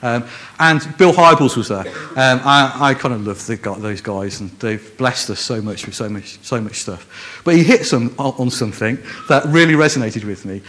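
Male preacher, Liverpool accent, mid-pitched, chatty sermon delivery, self-mocking wit, frequent false starts. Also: moderate pace, a bit bright. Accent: Scouse (Liverpool). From Liverpool, England. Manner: self-deprecating humor, frequent restarts. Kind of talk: conversational sermon.

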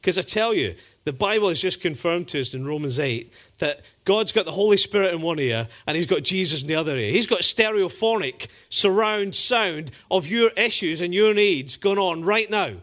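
A man preaching a sermon to a congregation in a church, lively and conversational, with humorous asides. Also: high voice, normal speed, hardly any pauses.

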